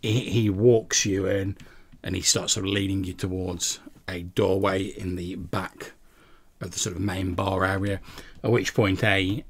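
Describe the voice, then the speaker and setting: Brief: male game master, low gravelly voice, rambling narration. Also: flat delivery, a little slow.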